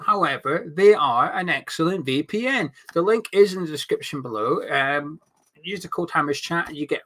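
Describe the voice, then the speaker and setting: A man's voice: a little high, bright, forceful tone. A man hosting a live fan watch-along stream, chatting casually and reading out viewer comments. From not from England. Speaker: host of a fan channel.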